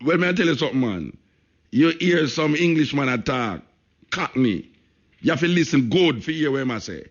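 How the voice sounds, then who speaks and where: This animated Jamaican host speaks patois at normal speed in a mid-range voice, repeating phrases emphatically to drive points home. The talk show comes from a radio studio with lo-fi broadcast quality.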